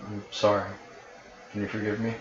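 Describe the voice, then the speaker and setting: A man's voice: fairly low pitch, flat delivery, moderate pace, far from the mic, pitched below the performer's own voice, lightly acted. A man plays a remorseful half-orc woman warrior in a tabletop game session. She apologizes plainly and earnestly. It has a roomy, slightly muffled sound with faint background noise. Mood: apologetic.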